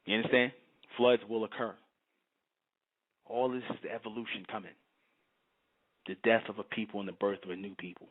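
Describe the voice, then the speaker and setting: A man's voice: on the low side, fairly even intonation, a little fast, pauses often. A man in a fervent monologue, emphatic and repetitive, often asking if the listener understands. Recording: tinny phone-like sound.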